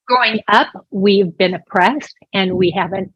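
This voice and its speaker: A woman's voice: medium pitch, measured pace, slightly rough, no room sound, highs cut off. Woman voicing a sign-language lesson, dry sound. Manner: explanatory, conversational, with small restarts. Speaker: voice interpreter for a deaf presenter.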